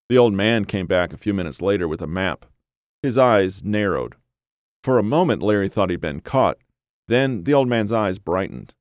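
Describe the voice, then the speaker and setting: A man narrating a story as an audiobook reader, in a steady, even storytelling manner. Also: sits low, smooth, no room sound, studio quality. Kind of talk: scripted narration.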